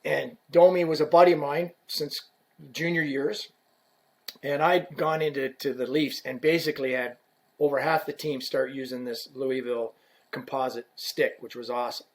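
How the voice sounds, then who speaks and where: A man's voice: mid-range voice, normal speed. A man telling a story as a podcast guest, acting out dialogue and swearing freely. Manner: animated, profane, acts out dialogue. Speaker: podcast guest, former equipment rep. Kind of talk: casual anecdotal storytelling.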